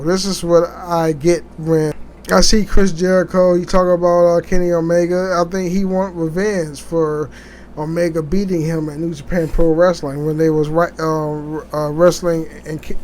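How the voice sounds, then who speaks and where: A man hosting a casual solo podcast, talking in a rambling, halting way with many restarts and fillers. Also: a little high, darkish tone, slight background noise. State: sleepy, yawning. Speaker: podcast host.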